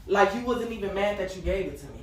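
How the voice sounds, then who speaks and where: A woman's voice: medium pitch, expressive, fast talker, echoey room, slight background noise. A woman hosting a livestream, venting in a blunt, heated, profane way. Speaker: livestream host.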